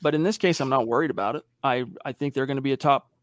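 A man's voice: medium pitch, fast talker, no room sound, clean studio sound. A man hosting a casual sports podcast, reading out viewer questions and telling stories with acted-out quotes. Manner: animated storyteller, acts out quotes.

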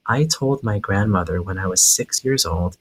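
A man from Hawaii, a psychic medium on a podcast, telling a story in a lively way and laughing as he goes. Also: sits low, normal speed, a little hiss or hum. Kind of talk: casual storytelling.

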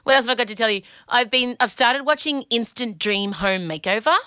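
A woman's voice: a little high, a little fast, bright, forceful tone, smooth, no echo, studio quality. A middle-aged Australian woman hosting a podcast, chatting candidly and anxiously and swearing freely. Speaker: podcast host. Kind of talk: casual podcast monologue.

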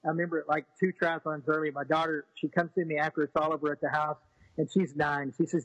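A middle-aged man telling a personal story in an animated way, often repeating words and acting out what people said. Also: on the high side, quick pace, dry recording, poor audio.

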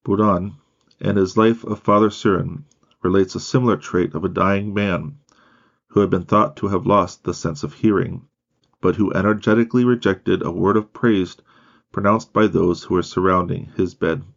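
Deep, gravelly male audiobook reader. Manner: measured, steady reading with occasional slips. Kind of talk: reading a biography aloud. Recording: dull lo-fi recording.

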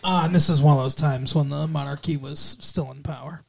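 A man's voice: fairly high pitch, fairly even intonation, brisk, vocal fry, darkish tone, husky. Rambling, swearing male podcast co-host. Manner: rambling, swears freely, filler-heavy retelling. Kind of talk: casual chat recapping a movie.

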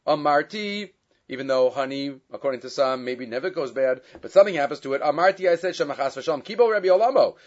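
A man teaching a Torah lesson, reading Hebrew and Aramaic texts and translating them, with many fillers and lively stretches when he retells a story. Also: a little high, quick pace. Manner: grows loud and animated when retelling the story. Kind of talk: Torah class lecture. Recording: dull lo-fi sound.

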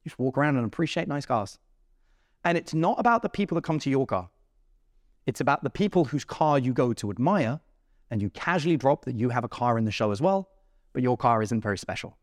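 A man hosting a business podcast, telling stories with lively acted-out dialogue. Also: medium pitch, brisk, no echo, clean studio sound. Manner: animated, acts out dialogue in his stories. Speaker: podcast host. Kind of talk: storytelling interview chat.

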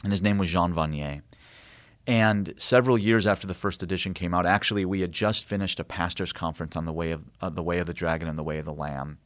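A man's voice: low-pitched, fairly even intonation, quick pace, a bit bright. A man, a guest author, telling stories earnestly and reflectively in conversation, with frequent fillers and restarts. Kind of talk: conversational storytelling.

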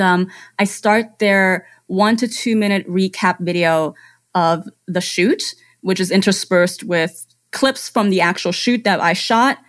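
Enthusiastic woman photographer telling her process. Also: mid-range voice. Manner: enthusiastic step-by-step storytelling. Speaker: photographer guest. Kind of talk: conversational interview.

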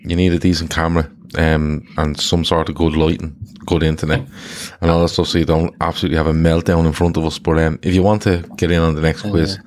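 A man's voice: very deep voice, level tone, fast, few pauses, a little mellow. A man hosting a football quiz podcast, chatting casually and swearing freely. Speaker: quiz host.

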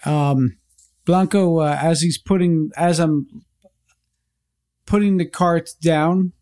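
Man, tabletop player, hesitant, slow, slightly high voice. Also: steady tone, mellow, clear, resonant tone. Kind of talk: casual tabletop play.

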